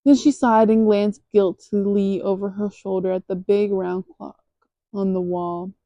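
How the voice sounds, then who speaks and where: A woman's voice: medium pitch, level tone, unhurried, no echo, highs cut off. A young woman casually reading a novel aloud as an amateur audiobook, stumbling over words and stopping for chatty asides.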